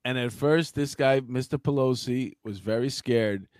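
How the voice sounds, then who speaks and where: A man co-hosting a casual crime news podcast tells stories jokingly and profanely, animated and acting out the voices of the people involved. His voice is mid-range at a normal speed, recorded dry and clean in a studio.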